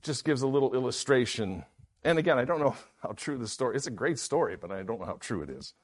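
A man's voice: medium pitch, expressive, quick pace, breathy edge. A man preaching a sermon in an earnest manner, often repeating key phrases.

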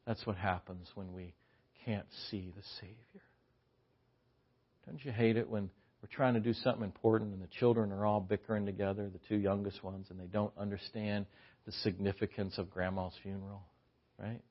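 A man preaching a sermon as an animated, joking storyteller, on a dull lo-fi recording. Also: lowish voice, moderate pace.

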